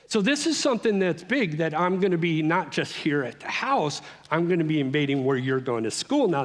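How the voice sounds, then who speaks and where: A middle-aged man giving a personal testimony speech at a conference, telling his story in an animated way with frequent restarts. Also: on the high side. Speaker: conference speaker. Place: conference hall. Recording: long reverb of a large hall.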